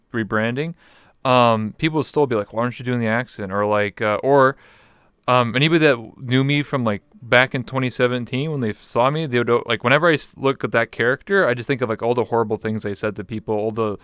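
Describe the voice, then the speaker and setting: A man's voice: medium pitch, fast talker, fairly bright tone, smooth, no room sound, studio quality. A man from Canada, a guest talking in a candid, reflective way with many fillers. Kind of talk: casual interview chat.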